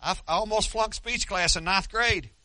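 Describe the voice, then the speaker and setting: A middle-aged man preaching a sermon as pastor, folksy and joking, building to loud, emphatic passages. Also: sits high, normal speed, no echo.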